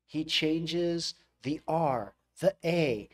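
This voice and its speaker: A man's voice: fairly high pitch, drawn-out words. An American man teaching English pronunciation in a casual video lesson, repeating sounds to model them.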